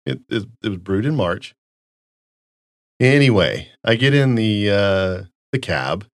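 Lively laughing podcast host man. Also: lowish voice, slow, no room sound, clean studio sound. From United States. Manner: rambling storyteller, laughs often. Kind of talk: casual chat.

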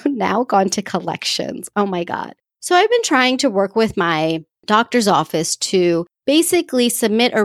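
A young adult woman tells a personal story on her podcast, chatting casually at a middle pitch. She acts out the voices of the people she quotes. The recording sounds dry and close. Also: no room sound. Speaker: podcast host.

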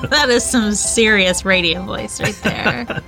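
A woman co-hosting a podcast in casual chat, chatty and quick to laugh. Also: medium pitch, lively intonation, music in the background. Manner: chatty and giggly, laughs often. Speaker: podcast co-host.

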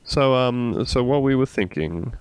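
A man's voice: mid-range voice, expressive, a little slow, heavy background noise. A man hosting a comedic news podcast, reading articles aloud with wry, laughing asides. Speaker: podcast host.

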